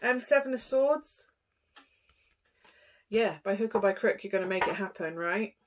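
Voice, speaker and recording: A woman's voice: mid-range voice, lively intonation, normal speed, a little hiss or hum. Chatty giggly woman reading tarot. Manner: chatty, giggly, rambling with fillers. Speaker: tarot reader.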